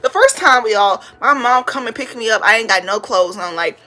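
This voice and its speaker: Young woman from louisiana telling wild childhood stories, lots of y'all and swearing, bright and a bit high. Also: moderate pace. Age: 20s. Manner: animated, slangy, profane, addresses listeners as y'all. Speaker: podcast host. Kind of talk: casual storytelling.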